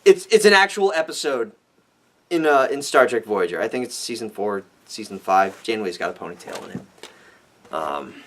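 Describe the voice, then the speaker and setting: A man giving a ranting film review for his vlog, animated and exasperated, swearing freely. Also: lowish voice, normal speed. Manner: animated, exasperated, profane, with frequent restarts.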